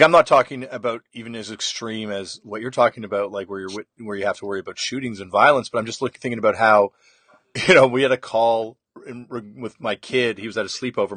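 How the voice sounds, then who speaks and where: A middle-aged man hosting a podcast in casual interview chat, with quick backchannels and easy laughter. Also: lowish voice, a bit bright, slightly rough, dry recording. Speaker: podcast host.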